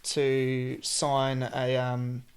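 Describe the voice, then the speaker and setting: A man's voice: mid-range voice, monotone, extremely slow, clean tone. An Australian man co-hosting a podcast in casual chat, swearing often and trailing off mid-sentence. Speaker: podcast co-host.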